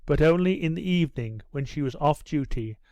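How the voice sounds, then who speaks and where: A male audiobook narrator reading a classic novel in steady, unhurried scripted narration. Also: on the high side, no echo, highs cut off.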